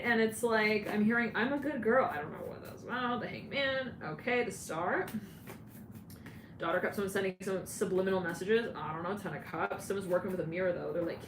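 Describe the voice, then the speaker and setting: A woman giving a channeled tarot reading who rambles and breaks into frequent giggles. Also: medium pitch. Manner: giggly, rambling, laughs often. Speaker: tarot reader. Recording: roomy, distant mic with clear background noise.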